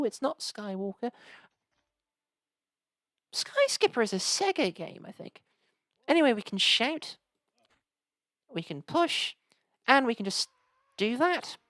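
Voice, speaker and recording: A woman's voice: fairly high pitch, a bit bright, no room sound. A woman chatting casually and rambling while she live-streams old games. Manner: rambling, chatty, lots of restarts and asides.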